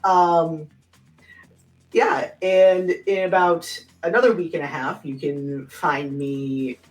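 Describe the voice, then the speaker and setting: A woman's voice: sits low, steady tone, slow pace, soft background music. Playful woman on a distant, roomy mic. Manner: playful, teasing. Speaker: player. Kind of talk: casual sign-off chat.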